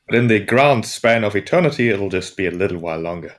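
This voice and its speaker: A tabletop player speaks in character, a man with a lowish voice. He answers with wry, dry retorts and an unhurried, sardonic tone. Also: lively intonation. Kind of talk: in-character tabletop role-play.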